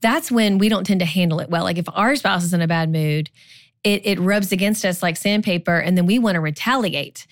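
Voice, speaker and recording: A woman's voice: fairly low pitch, fairly quick, no echo. Chatty woman podcast co-host, dry sound. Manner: chatty, lots of "like" and "you know". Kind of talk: casual marriage advice chat.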